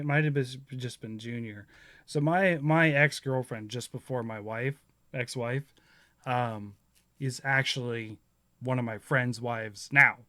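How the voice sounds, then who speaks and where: Bright-voiced man in rambling casual chat. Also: mid-range voice, no echo, clean studio sound. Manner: rambling, laughs often, acts out quotes. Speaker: podcast host.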